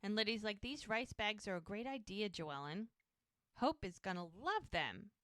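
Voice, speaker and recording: A woman's voice: medium pitch, expressive, moderate pace, a bit bright, dry recording. A woman co-hosting a podcast, retelling a TV episode in casual chat and acting out the characters' lines. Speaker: podcast co-host.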